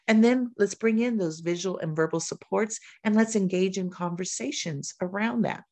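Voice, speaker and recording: A woman literacy educator giving a teaching demonstration, modeling a reading lesson with lively questions and prompts. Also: medium pitch, moderate pace, few pauses.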